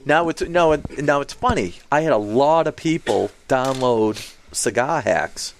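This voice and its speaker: A man's voice: medium pitch, measured pace, slight background noise. A man co-hosting a podcast, telling a casual story and acting out the people he quotes. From Boston. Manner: animated, acts out quoted voices. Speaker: podcast co-host.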